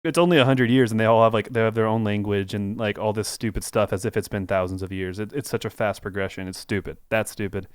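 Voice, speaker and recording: A man with a lowish, smooth, clean voice chats casually as a podcast co-host. He rambles along, stacking "like"s and restarting his sentences. The sound is close and dry. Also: fairly even intonation, fast, few pauses, no room sound.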